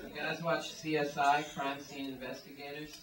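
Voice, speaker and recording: A man's voice: fairly high pitch, flat delivery, normal speed, a loud crowd. A man doing a stand-up comedy set, rambling through his jokes with lots of "like" and "um" fillers. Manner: rambling, filler-heavy delivery full of "like" and "um". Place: small live comedy venue. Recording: echoey room, mic at a distance.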